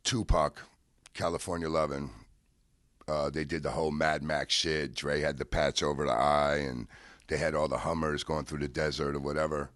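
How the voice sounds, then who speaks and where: A man in a casual interview, telling anecdotes in a lively way, swearing freely and acting out the voices of people he quotes. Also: extremely low pitch, moderate pace, no room sound, clean studio sound. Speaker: interview guest, car rental businessman.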